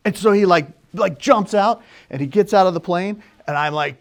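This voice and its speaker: A young man telling a personal story, moving from hushed and quiet to loud and excited. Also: high voice, moderate pace, few pauses. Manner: quiet and hushed in places, then loud and excited, acting out shouts.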